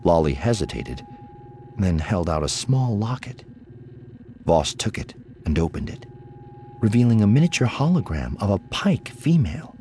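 A man narrating an audiobook in a measured, expressive storytelling manner. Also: on the low side, slight background noise. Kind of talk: scripted narration.

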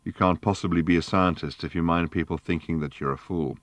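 An eccentric older scientist, calm and earnest, lecturing in a very low, deep voice, as a man reads him out in an audiobook. The sound is dry and close, with no room around it. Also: a little fast, no echo, natural voice. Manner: earnest, lecturing, calmly reflective.

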